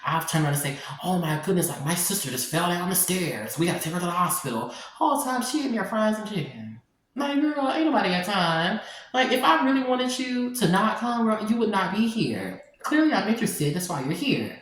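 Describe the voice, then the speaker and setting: A woman telling a personal story in a casual vlog, animated and sassy, talking straight to her viewers. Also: medium pitch, fairly quick. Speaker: storytime vlogger. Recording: very echoey room.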